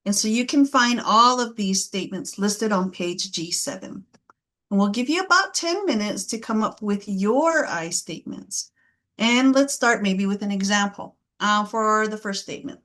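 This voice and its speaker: A woman's voice: mid-range voice, normal speed, a bit bright. A woman facilitating a parenting class, leading the group with encouraging, upbeat praise.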